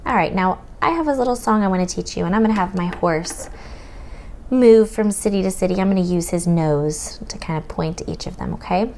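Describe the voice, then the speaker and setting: An American woman tutoring children through a map lesson, in a slow sing-song manner that sometimes drops to a whisper. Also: mid-range voice, a little mellow, a little hiss or hum. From United States. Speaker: homeschool tutor teaching children.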